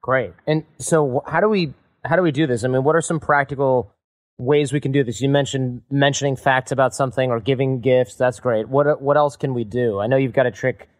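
A man's voice: medium pitch, fairly even intonation, a little fast. Man, podcast host, casual questioning tone. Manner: conversational, asks questions, jokes. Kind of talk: podcast interview.

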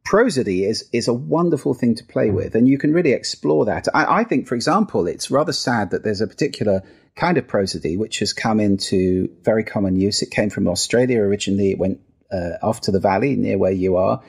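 A man's voice: fairly quick, gravelly, slightly rough. A middle-aged man from the UK, a guest on an interview show, explaining voice and listening with demonstrations. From United Kingdom. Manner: demonstrative, plays with pitch and register while explaining. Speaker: guest, sound and listening expert. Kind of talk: podcast interview.

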